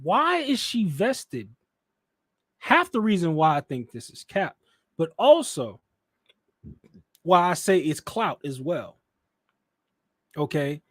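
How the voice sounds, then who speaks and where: A man's voice: on the high side, big pitch swings, slow, pauses often, no echo, clean studio sound. A man hosting a reaction commentary, mocking and firing rhetorical questions. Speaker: commentary channel host.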